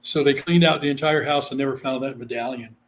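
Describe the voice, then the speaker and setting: A man's voice: mid-range voice, steady tone, fast, slight background noise. Chatty man from Guam telling a story. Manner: chatty, full of "you know" fillers, acts out quoted people. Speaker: psychic medium, interview guest. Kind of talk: casual storytelling in an interview.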